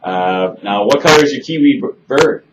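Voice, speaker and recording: A man's voice: mid-range voice, animated, normal speed, noisy background. A man teaching an English conversation class, friendly and chatty, asking students simple questions.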